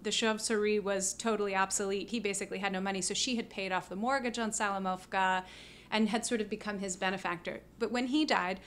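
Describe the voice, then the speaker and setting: A woman guest on an interview podcast, telling stories in a casual, animated way, full of fillers and laughs. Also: medium pitch, fast talker, slight background noise. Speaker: guest musician.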